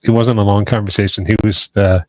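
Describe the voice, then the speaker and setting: A man co-hosting a podcast in casual banter, teasing with deadpan jokes. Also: lowish voice, a little fast, no room sound. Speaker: podcast co-host.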